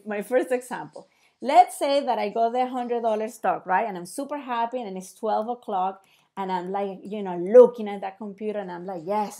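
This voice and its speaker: A woman teaching in a casual explainer style, animated and asking rhetorical questions, acting out little dialogues. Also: mid-range voice, gravelly.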